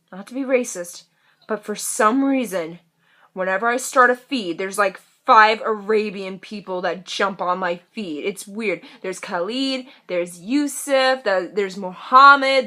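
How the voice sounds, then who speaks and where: Bright animated young woman ranting. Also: mid-range voice. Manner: chatty and sassy, full of "like", acts out mocking voices. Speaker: vlogger. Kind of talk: casual vlog rant.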